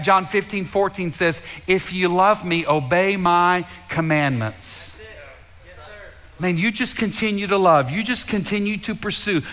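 A man's voice: high voice, bright, forceful tone. A man preaching a sermon to his congregation, fervent and repetitive, often doubling his words and speaking straight to the listeners. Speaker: pastor. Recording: long reverb of a large hall.

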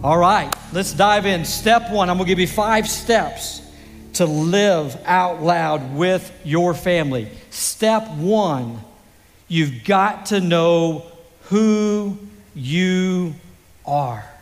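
A high-voiced male pastor preaching at an unhurried pace, building the story slowly with long dramatic pauses. His voice rings out with a long hall reverb from a church sanctuary. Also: faint music behind. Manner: slow, dramatic delivery with pauses. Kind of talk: sermon storytelling.

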